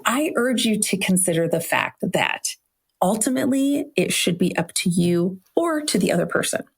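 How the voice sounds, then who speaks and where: A woman's voice: medium pitch, expressive, moderate pace, vocal fry, slightly rough. A middle-aged woman from Iowa hosting a solo podcast, telling a travel story in a chatty, self-questioning way. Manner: chatty, self-questioning, frequent "right?" tags. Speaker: podcast host.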